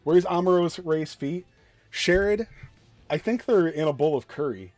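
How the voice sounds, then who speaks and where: A man's voice: a little high, a little slow, darkish tone, no echo, soft background music. A man streaming a mobile game, talking bluntly in casual commentary, rambling with fillers and self-deprecating jokes. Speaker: gaming streamer.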